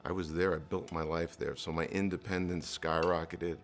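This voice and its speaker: A man's voice: low-pitched, flat delivery, normal speed. A middle-aged man from New Jersey telling his life story in an earnest interview, with fillers and restarts. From New Jersey, USA. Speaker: entrepreneur guest.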